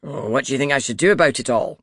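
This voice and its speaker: A man's voice: medium pitch, fast talker, a bit bright, no room sound, studio quality, natural voice. A man voicing a coarse, mocking middle-aged king with a Scottish accent in an audiobook, teasing and half muttering to himself. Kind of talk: audiobook character voice.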